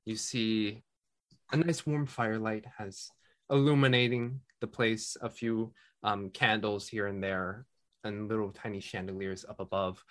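A man narrating a tabletop game as game master, relaxed and halting. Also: lowish voice.

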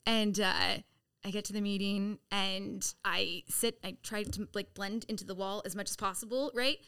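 A woman's voice: mid-range voice, normal speed, gravelly, clean tone. A woman guest on a podcast telling her story in casual, profane speech, acting out quoted lines. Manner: animated, profane, acts out quotes.

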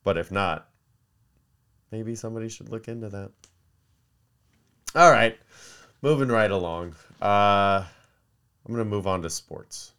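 A man hosting a podcast, chatting casually in an animated way, with frequent fillers and laughter. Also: on the low side, measured pace, long pauses, clear, resonant tone. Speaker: podcast host. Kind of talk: casual rambling chat.

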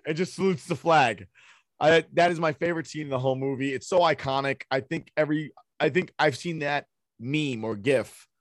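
A man's voice: medium pitch, dry recording. Dry-sounding man ranting casually. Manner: profane, opinionated ranting. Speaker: podcast co-host. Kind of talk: casual chat.

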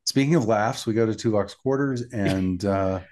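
A man's voice: on the low side, normal speed. A man co-hosting a podcast, chatting casually and telling stories as he recaps an episode. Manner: chatty, animated storytelling. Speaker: podcast co-host.

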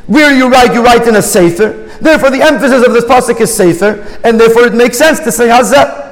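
A man teaching a Torah text study, who reads Hebrew lines aloud and then explains them in English. He repeats and restarts words as he reasons aloud. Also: very high voice. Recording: long hall reverb.

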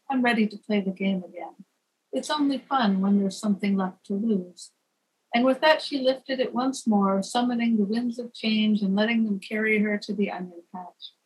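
A woman narrating a gentle fable at an unhurried pace, softly chanting the repeated refrains. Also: a little high, husky, rough recording. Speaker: storyteller. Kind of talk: scripted narration.

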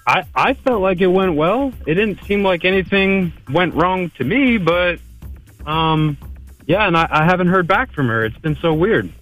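A man's voice: high voice, expressive, normal speed, fairly bright tone, faint music behind, poor audio. A man appearing as a guest in a radio call-in segment, hesitant, stammering and defensive. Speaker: guest on the show.

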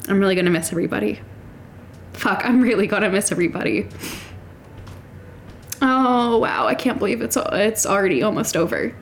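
A woman's voice: mid-range voice, normal speed, a little hiss or hum. A woman who edits and produces a podcast, recording a personal voice memo at home with her cats nearby. She is tearful and emotional, laughing through tears and swearing now and then.

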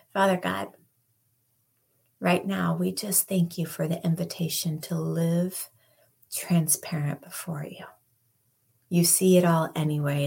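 A woman leads a slow devotional prayer in a husky, breathy voice. Her tone is gravelly with fry. She often sinks into a hushed whisper. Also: deep voice. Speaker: podcast host.

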